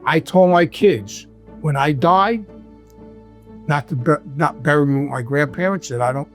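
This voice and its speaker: A man's voice: on the high side, moderate pace, faint music behind. A man with a New York accent telling stories in casual, rambling talk and acting out the dialogue. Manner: rambling, acts out quoted dialogue. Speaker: guest telling his life story. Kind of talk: casual storytelling.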